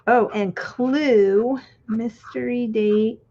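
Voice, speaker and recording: A middle-aged woman hosts a crafting livestream, chatting in an unhurried, rambling way and losing her thread as she works with her hands. Her voice sits a little high. The audio sounds dull and lo-fi. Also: fairly even intonation, mellow. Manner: chatty and reminiscing, trails off while working. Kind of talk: casual chat while crafting.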